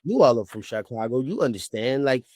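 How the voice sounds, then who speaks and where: A man's voice: mid-range voice, expressive, a little fast, darkish tone, dry recording, studio quality. A man in his thirties with a New Orleans accent, chatting casually as an interview guest, often adding "you know what I mean.". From New Orleans, Louisiana. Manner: laid-back storytelling, frequent "you know what I mean".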